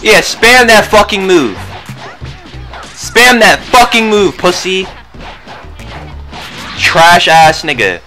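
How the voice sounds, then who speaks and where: A young man giving loud, brash trash-talking commentary over his own gameplay, often shouting at opponents. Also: high voice, big pitch swings, slow pace, pauses often, faint music behind. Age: young adult. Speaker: gaming video host.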